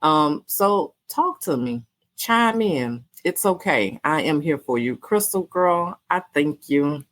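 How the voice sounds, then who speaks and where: A woman podcast host, signing off with warm, repetitive encouragement and many fillers. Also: low voice, expressive, slow pace. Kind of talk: casual podcast sign-off.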